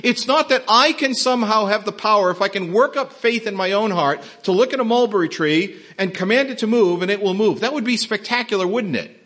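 A man's voice: high-pitched, animated, a little fast, few pauses, a bit bright. A man preaching a sermon, explaining a Bible passage with emphatic rhetorical questions. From not from Texas. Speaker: pastor.

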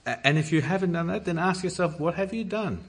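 A man's voice: high voice, animated, a little fast. A man preaching a sermon, reading scripture and pressing his points earnestly. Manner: earnest, emphatic, rising to stress key points.

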